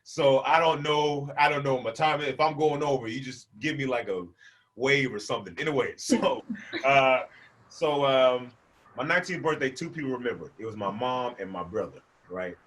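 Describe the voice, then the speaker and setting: A man in his twenties doing animated stand-up storytelling for a virtual event, laughing between lines and acting out the people in his story. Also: mid-range voice, normal speed, slight background noise. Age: 20s. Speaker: stand-up comedian. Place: a room, performing for a virtual event. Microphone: video call microphone.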